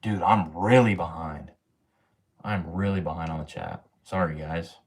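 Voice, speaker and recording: A man's voice: sits low, unhurried, background noise. A man in his twenties hosting a casual livestream, talking to chat in a slangy, profane way and tagging sentences with bro and man. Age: 20s. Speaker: livestream host.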